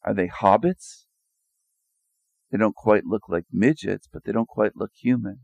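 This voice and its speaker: A man's voice: on the low side, measured pace, vocal fry, darkish tone, no echo, highs cut off. A man giving a sarcastic, mocking monologue over images, firing rhetorical questions and repeating his phrases. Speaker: video commentator.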